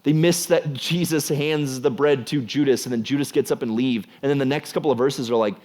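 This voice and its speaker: Give me an animated young man giving a casual youth sermon with jokes. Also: medium pitch, a little fast. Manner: animated and jokey, acts out scenes. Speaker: youth pastor.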